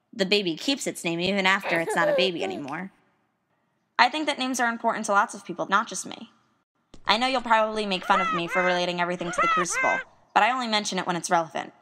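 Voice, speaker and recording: A woman's voice: mid-range voice, pushed and bright. A young woman, a student, narrating a personal letter in an earnest, musing, wistful way.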